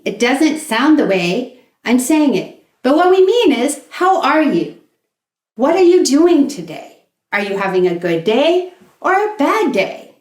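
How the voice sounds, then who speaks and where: Slow, lively-voiced woman teaching English. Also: high-pitched. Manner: patient, drawn-out enunciation, modeling phrases for repetition. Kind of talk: slow, clear instructional video lesson. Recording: echoey room.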